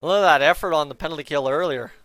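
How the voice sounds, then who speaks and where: Excitable man hosting a fan stream. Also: on the high side, fast, no room sound. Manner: excitable, breaks into auctioneer-style countdowns. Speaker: live stream host. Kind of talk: live fan reaction commentary.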